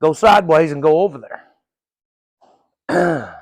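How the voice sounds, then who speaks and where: A man's voice: on the high side, animated, slow, darkish tone, no echo. A middle-aged man working as a horse trainer, coaching viewers through a live training session in a folksy, casual way with the odd curse word.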